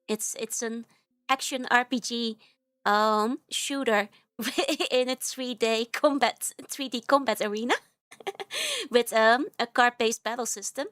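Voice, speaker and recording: A woman VTuber streamer, still recovering from a cold, greeting her live chat viewers in a bubbly, giggly way with many quick hellos. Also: fairly high pitch, expressive, fairly bright tone, no echo, studio quality.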